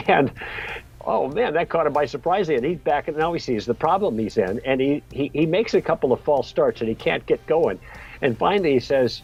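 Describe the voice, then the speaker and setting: Middle-aged male podcast guest, husky, telling an anecdote in a friendly way, lo-fi sound with faint music under it. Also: medium pitch, expressive, brisk, a little mellow. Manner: friendly, chuckles while telling the story. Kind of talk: storytelling in an interview.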